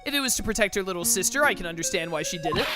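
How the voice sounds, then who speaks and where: A woman voicing a composed young female defense lawyer in a measured reading, with game music behind. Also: lowish voice, animated, pitched below the performer's own voice, natural voice.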